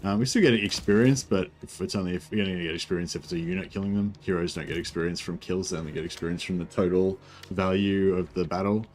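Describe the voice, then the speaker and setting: A man's voice: sits low, fairly even intonation, fast talker, hardly any pauses. A man giving casual, rambling commentary on a strategy game, thinking aloud with many fillers and restarts. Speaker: streamer.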